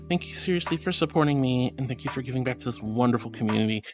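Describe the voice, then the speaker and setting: A young woman VTuber chats casually on her live stream, reading viewer messages and bubbling over with affection as she thanks people with pet names like "sweetie." Her very deep, expressive voice races along with few pauses, carrying a darkish tone over faint background music.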